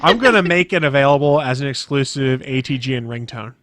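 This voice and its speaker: A man's voice: medium pitch, expressive, fairly quick, a bit bright, no echo. A man co-hosting a podcast in casual chat, wry and mock-exasperated. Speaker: podcast co-host.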